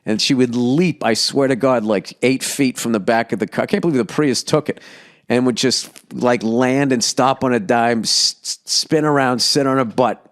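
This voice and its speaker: A man's voice: mid-range voice, moderate pace. A man hosting a podcast, telling a casual, rambling story with filler words, mild swearing and fond reminiscing. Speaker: podcast host.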